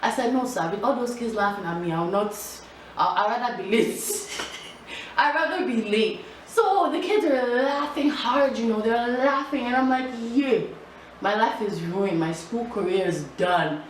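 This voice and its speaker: A young woman vlogger telling a casual storytime in an animated, chatty way, full of slang and laughter. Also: a little high, moderate pace. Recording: echoey room, distant mic, faint hiss.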